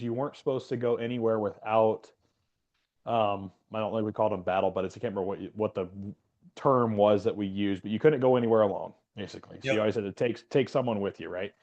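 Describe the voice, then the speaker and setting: A man's voice: on the low side, a little mellow, dull audio. A man, a podcast co-host and Air Force veteran, telling a rambling story in casual chat with lots of fillers. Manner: rambling, many fillers and restarts.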